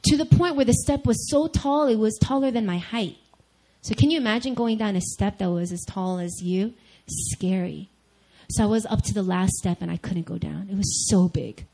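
A young adult woman gives a candid, animated personal testimony in the style of a sermon, addressing her listeners directly. Her voice is mid-range and her pace moderate, though the audio quality is poor.

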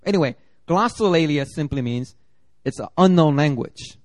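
A fairly high-voiced man preaching with animated, jokey storytelling, now and then slipping into mimicked voices. His delivery is lively and conversational, and the sound is close and dry, with no room echo. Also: moderate pace. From Philadelphia area. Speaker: pastor. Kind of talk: sermon.

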